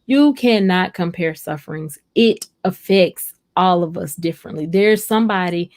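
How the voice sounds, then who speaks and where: Lady on a livestream reading out comments, kinda low voice, chatty and rambly. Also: normal speed, a little mellow. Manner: rambling, chatty and heartfelt, addresses viewers directly. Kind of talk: casual livestream chat.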